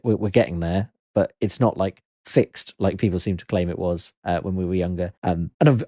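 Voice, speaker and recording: A man's voice: lowish voice, mellow, no echo, clean studio sound. A man co-hosting a casual politics podcast, talking in a rambling, hesitant way with lots of fillers and easy laughs. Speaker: podcast co-host.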